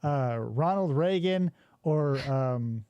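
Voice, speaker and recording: A man hosting a casual podcast, riffing loosely and swearing freely. His voice sits high and swings around a lot. The sound is dry and close, with no room echo. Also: expressive, slow, warm tone, clear, resonant tone. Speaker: podcast host. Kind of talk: casual chat.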